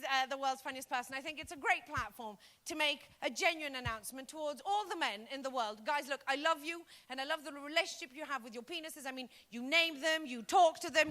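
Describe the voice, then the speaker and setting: Bright high-voiced Greek woman comic. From Greece. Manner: animated, switches into shouted character voices. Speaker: stand-up comedian. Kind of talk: stand-up comedy set.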